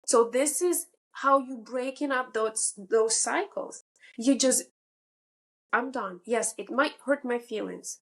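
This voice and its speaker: Podcast guest, woman, 30s, slightly high voice, candid and emotional, halting phrasing. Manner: emotional, halting, restarts sentences. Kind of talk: candid interview storytelling.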